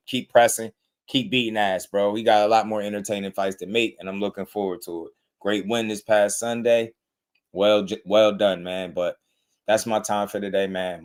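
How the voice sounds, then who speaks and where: This is a man hosting a casual live boxing talk stream. His voice sits a bit low, and he talks loosely in slang. He often repeats words while he gathers his thoughts. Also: darkish tone. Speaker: boxing talk show host. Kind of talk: casual livestream commentary.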